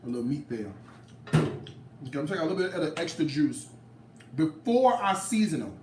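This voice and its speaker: A man's voice: on the high side, sing-song, a little fast, a little mellow, far from the mic, slight background noise. Sassy man cooking, off-mic and roomy. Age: late 30s. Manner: sassy, playful, talks back to viewers. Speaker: home cook. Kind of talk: casual cooking demo. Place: home kitchen. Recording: roomy, off-mic kitchen sound.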